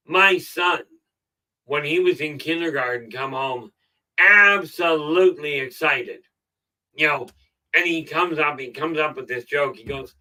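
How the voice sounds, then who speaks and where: A middle-aged man giving a casual motivational talk on a live stream, rambling and filling pauses with "okay". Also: fairly high pitch, bright, forceful tone, recorded from a distance, rough recording. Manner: rambling, frequent "okay" fillers. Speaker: self-help live streamer.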